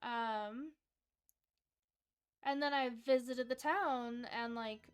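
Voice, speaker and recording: A woman's voice: a little high, slow, smooth. Chatty, upbeat woman hosting a trivia stream. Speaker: livestream trivia host. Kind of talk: casual livestream chat.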